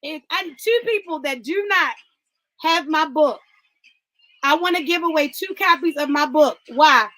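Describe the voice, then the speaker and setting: A woman's voice: high voice, measured pace, a bit bright, low-quality recording. A woman hosting a live online talk, calling out viewers by name and speaking with exuberant, preacher-like fervor. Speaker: host. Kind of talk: livestream talk, giveaway.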